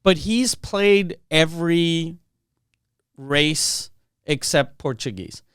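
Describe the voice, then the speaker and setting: A man co-hosting a podcast in casual chat, telling stories in an animated way and acting out quotes. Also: a little high, takes it slowly, smooth, no echo, clean studio sound. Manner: animated storytelling, acts out quotes. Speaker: podcast co-host.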